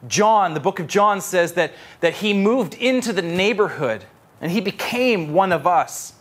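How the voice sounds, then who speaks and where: A young adult male pastor preaching a sermon with animated storytelling, repeating phrases for emphasis. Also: high voice, unhurried, slightly rough.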